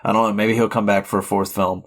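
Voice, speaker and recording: A young man with a lowish voice co-hosts a film podcast. He talks in a relaxed, casual way, laughs often and swears now and then. He sounds close to a podcast mic. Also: quick pace. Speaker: podcast co-host. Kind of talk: casual chat.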